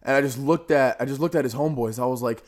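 A man's voice: medium pitch, fast. A young man, a teacher and podcast co-host, telling classroom stories in slangy, laughing casual chat. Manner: slangy, swearing, laughing storyteller.

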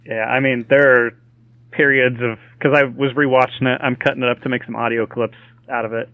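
A man's voice: mid-range voice, level tone, a little fast, dry recording. Enthusiastic man on a dry, muffled mic. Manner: enthusiastic storyteller, says dude and man. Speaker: podcast co-host. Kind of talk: casual chat.

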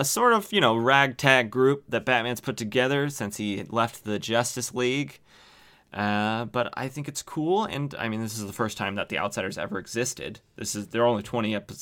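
A man's voice: medium pitch, sharp tone. A man hosting a podcast, recapping comic books in an enthusiastic, chatty way with many fillers. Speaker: podcast host. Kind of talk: casual comic book recap.

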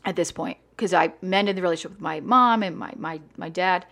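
A woman's voice: fairly low pitch, brisk, gravelly, a bit bright. A woman hosting a casual chat, talking bluntly and with emphasis, swearing freely. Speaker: salon owner and host.

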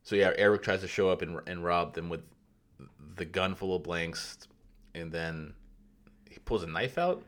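A man's voice: sits low, moderate pace, pauses often, a bit bright. A man co-hosting a casual film podcast, laid-back and profane. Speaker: podcast co-host.

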